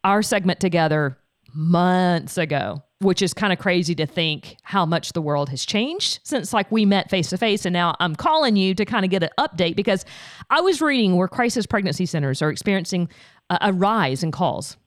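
A woman's voice: lowish voice, expressive, normal speed, dry recording, clean studio sound. A woman hosting a podcast, asking her guest questions in a curious way. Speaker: podcast host. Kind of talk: interview.

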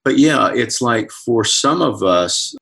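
A man's voice: medium pitch, expressive, takes it slowly, creaky, a bit bright. A man who is a comedian and author, telling candid, reflective stories in a casual interview over a video call. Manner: chatty, reflective anecdotes with self-quoting.

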